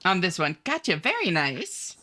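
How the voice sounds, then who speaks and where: A woman streaming live, chatting casually with viewers, reading their messages aloud and greeting them in a high sing-song voice with frequent laughs. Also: huge pitch swings, normal speed, sharp tone. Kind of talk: casual chat with viewers while gaming.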